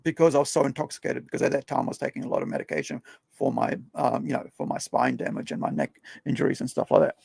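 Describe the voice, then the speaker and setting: A man's voice: mid-range voice, animated, fast, creaky, darkish tone, husky, no room sound. A young man hosting a podcast, telling stories in a rambling, conversational way and often tagging his sentences with questions. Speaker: podcast host. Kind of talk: casual storytelling chat.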